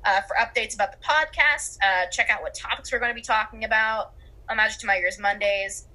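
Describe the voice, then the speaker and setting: Bright-voiced young woman podcast co-host. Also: on the high side, fairly even intonation, a little fast, rough recording. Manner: teasing, laughing, self-deprecating. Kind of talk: casual chat.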